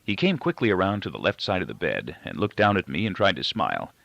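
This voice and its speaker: A man reading a novel aloud in first-person narration, measured and expressive. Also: low-pitched, creaky, dry recording. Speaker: audiobook reader. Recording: dull, dry lo-fi recording.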